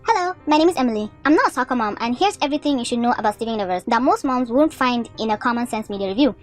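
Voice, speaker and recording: A woman voicing an earnest woman reading petitions and reviews aloud, in a brisk read-aloud delivery. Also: fairly high pitch, animated, faint music behind, lightly acted.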